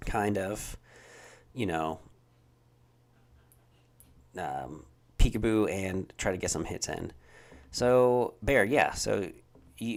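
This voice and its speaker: A young man with a fairly low voice hosts a live chat stream, answering viewer questions about a tabletop game. He talks in a loose, rambling way, full of "um" and "you know" and restarted phrases. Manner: relaxed, rambling, many fillers and restarts.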